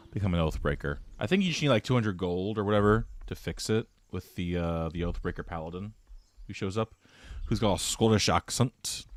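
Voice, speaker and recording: A man's voice: lowish voice, dry recording. A young man streaming a video game, joking around theatrically and talking to his chat. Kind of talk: casual gameplay commentary.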